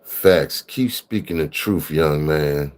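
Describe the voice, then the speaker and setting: A man with a very low voice hosts a casual live stream, chiming in with slangy affirmations while his guest speaks. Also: slow pace.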